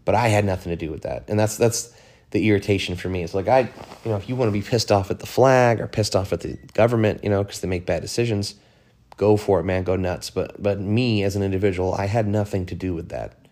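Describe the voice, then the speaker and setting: Deep-voiced guy doing a solo podcast rant, swears a lot, rambles with lots of "you know"s. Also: a little fast, a little mellow. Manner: profane, frank, rambling with many fillers. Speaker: podcast host. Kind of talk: casual solo monologue.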